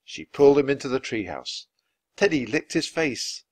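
A man reading a children's book aloud, with expressive, lively narration. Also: mid-range voice, normal speed, no room sound. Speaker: storyteller.

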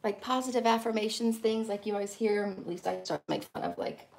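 A woman's voice: mid-range voice, brisk, vocal fry, darkish tone. A middle-aged woman, chatting casually and rambling to live-stream viewers while teaching painting.

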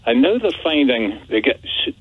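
A man's voice: mid-range voice, very animated, moderate pace, husky, dry recording. A man calling a radio phone-in, earnest and hesitant, with many fillers. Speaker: caller. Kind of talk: phone-in call. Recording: dry tinny phone line.

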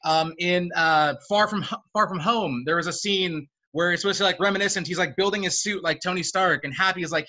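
A man's voice: high voice, fairly quick, hardly any pauses, bright, forceful tone. A man in a casual debate, sarcastic and swearing, mocking lines he dislikes. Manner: sarcastic, swears, mimics characters. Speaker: debater defending a film.

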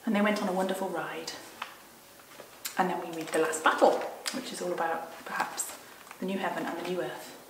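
A woman leading a Sunday school reads a story aloud to children and then explains it in a gentle, quiet voice. The recording is roomy and echoey, taken from a mic some distance away, with a faint hiss behind her. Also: fairly low pitch, fairly quick. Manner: gentle and mostly quiet, lively in the exciting parts.

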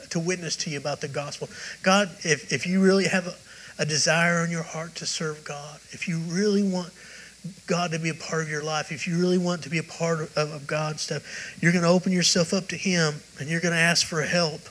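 A man's voice: fairly high pitch, fairly bright tone, poor audio. A male preacher giving a rambling, conversational sermon that mixes in his own testimony at a church service. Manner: rambling, conversational storytelling with many restarts.

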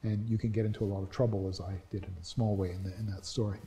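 A man's voice: lowish voice, little pitch movement, very fast, warm tone. A middle-aged man giving a university lecture in a conversational, anecdotal way, often restarting his sentences.

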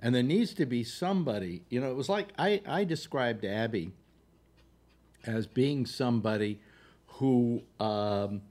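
A man's voice: mid-range voice, expressive, darkish tone. An older man hosting a talk show, telling rambling anecdotes with many fillers and restarts. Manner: halting, full of fillers and restarts. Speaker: radio talk show host.

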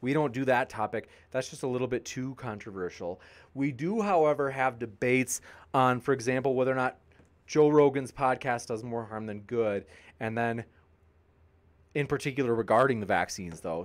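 A man's voice: mid-range voice, normal speed. A man hosting a live debate stream, reading viewer comments aloud and answering them with upbeat, jokey banter. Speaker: debate channel host.

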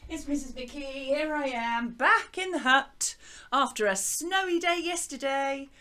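An English woman teaching a bright, encouraging music lesson to young children from a small hut, speaking into a desk microphone. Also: high-pitched, normal speed. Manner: bright, encouraging, sing-song teacher talk. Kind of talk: lively online children's lesson. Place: small garden hut classroom. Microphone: desk microphone by laptop.

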